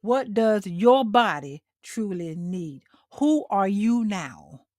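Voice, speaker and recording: A woman's voice: medium pitch, very animated, slow, darkish tone, no echo, clean studio sound. A middle-aged woman hosting a motivational livestream talk, speaking directly to her listeners and repeating her key lines for emphasis. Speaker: host.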